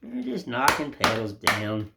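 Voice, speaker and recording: A man's voice: mid-range voice, wildly swooping pitch, measured pace, gravelly. A man who chats in a folksy, rambling way while he carves wood in his workshop. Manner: folksy, rambling, down-home sayings. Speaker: woodcarver. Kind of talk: casual chat while carving. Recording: loud workshop tool noise. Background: loud chisel and mallet knocks.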